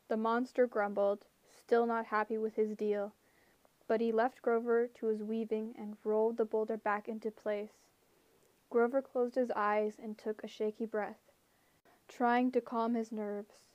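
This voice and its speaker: A woman reading an audiobook aloud in a measured, expressive storytelling way. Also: fairly high pitch, dry recording, muffled recording. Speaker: audiobook reader. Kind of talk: audiobook narration.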